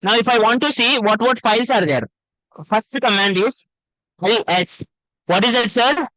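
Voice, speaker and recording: A man's voice: very high voice, normal speed, pushed and bright, dry recording, rough recording. A man teaching a live online coding class, repeating himself and calling students sir and ma. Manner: repetitive, addresses students as sir and ma.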